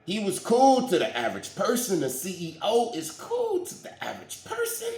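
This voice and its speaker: Animated slangy man preaching in an echoey room. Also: high voice, moderate pace, few pauses. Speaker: spiritual commentator. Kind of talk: casual spiritual commentary.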